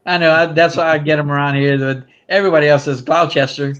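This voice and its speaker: A man's voice: a little high, fairly even intonation, quick pace, fairly bright tone, clean tone. Louisiana man, chatty, on a dull line. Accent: South Louisiana. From South Louisiana. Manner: chatty, repeats himself. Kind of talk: casual chat.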